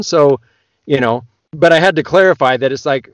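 A man from Canada, an audiobook narrator, chatting as a podcast guest in a lively storytelling way. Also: on the high side, normal speed, no echo, highs cut off. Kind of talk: casual podcast chat.

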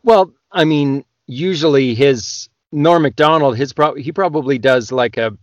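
A Canadian man, an audiobook narrator, talking loudly and excitedly as a podcast guest. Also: medium pitch, unhurried, no echo, lo-fi sound. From Western Canada. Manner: loud, excitable talker. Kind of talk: casual podcast chat.

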